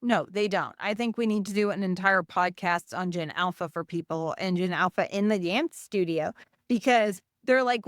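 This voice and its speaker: A woman's voice: fairly low pitch, moderate pace, no echo, clean studio sound. A middle-aged woman co-hosting a podcast, explaining earnestly in casual chat with fillers. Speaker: podcast co-host, dance studio owner.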